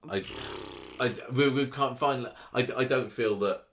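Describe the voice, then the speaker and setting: A man's voice: mid-range voice, a little slow, a bit bright, a little hiss or hum. A man, co-hosting a podcast in casual chat, rambling with hesitant restarts and teasing his co-host.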